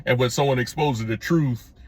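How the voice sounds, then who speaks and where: A middle-aged man giving an opinion commentary to his viewers, plain-spoken and emphatic, repeating his points and pushing his pitch up when he presses one. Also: moderate pace. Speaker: commentary vlogger.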